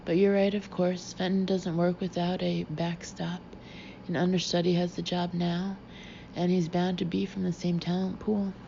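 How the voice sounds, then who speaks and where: Terse, grim male agent, read by a woman; flat, low, gravelly delivery. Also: normal speed, lo-fi sound, background noise. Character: weary, defiant male field agent.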